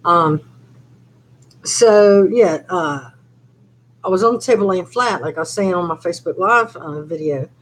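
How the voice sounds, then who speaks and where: On a low-quality recording, an older channel host chats casually on a live stream in a lowish, slightly slow voice with long pauses. She rambles through her stories, using plenty of fillers.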